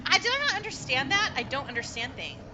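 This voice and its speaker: A woman's voice: sits high, big pitch swings, fast, over a noisy crowd. A woman narrating as game master of a tabletop game, chatty and hesitant with many fillers. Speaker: dungeon master.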